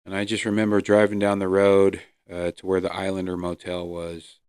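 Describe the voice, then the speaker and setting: Deep-voiced man telling a recovery story. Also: monotone, a little mellow, clean tone, no room sound, studio quality. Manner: earnest, emotional storytelling with pauses and fillers. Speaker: podcast host. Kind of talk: personal recovery story, solo podcast. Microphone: close podcast mic.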